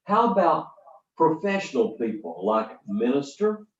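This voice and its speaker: Older man telling stories in a roomy hall. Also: fairly high pitch. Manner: folksy, lively storytelling with dramatic pauses. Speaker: storytelling workshop teacher. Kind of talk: storytelling lesson to a live audience. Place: workshop hall. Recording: roomy, distant, dull sound from the back of a hall.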